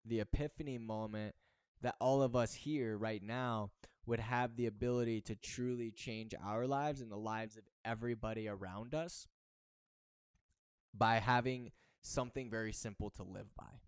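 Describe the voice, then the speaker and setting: A man gives a motivational talk as host, pressing his points by repeating words and phrases. His voice is smooth and clear, at a middle pitch. The sound is dry and close. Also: steady tone, moderate pace, dry recording. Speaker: football recruiting coach and host.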